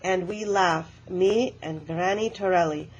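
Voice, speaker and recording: A woman, an elementary school tutor, reading a children's book aloud in an expressive way. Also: fairly low pitch, measured pace, lo-fi sound, slight background noise.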